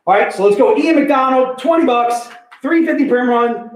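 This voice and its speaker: A man in his fifties hosting a live sales stream with energetic, jokey salesman patter. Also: very high voice, normal speed, echoey room, poor audio. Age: 50s. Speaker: host.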